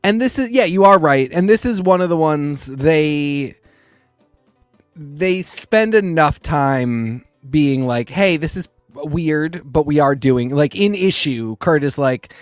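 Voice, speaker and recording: A man co-hosting a casual podcast, talking in a rambling, animated way with quick asides. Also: a little high, smooth, no room sound, faint music behind. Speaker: podcast co-host. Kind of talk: casual comics discussion.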